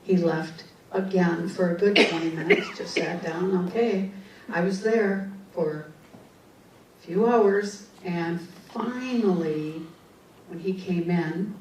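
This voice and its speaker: Speaking slowly in a lowish, somewhat mellow voice, a psychic addresses an audience with a storytelling talk, wandering into asides and restarting often. A far-off mic in an echoey hall catches her, along with slight background noise.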